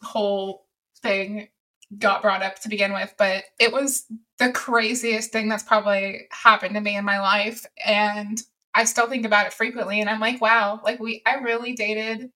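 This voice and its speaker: A woman's voice: medium pitch, flat delivery, normal speed, pushed and bright, poor audio. A young woman co-hosting a podcast, recounting a story in a casual, chatty way with fillers and laughter. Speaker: podcast co-host.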